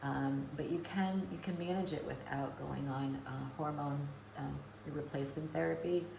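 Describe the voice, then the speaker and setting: Low, gravelly woman chatting live. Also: fairly even intonation, moderate pace, background noise. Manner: chatty, rambling, thinks aloud while working. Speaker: hydroponic gardener and nutrition coach. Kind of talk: casual live chat to viewers. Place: indoor grow room.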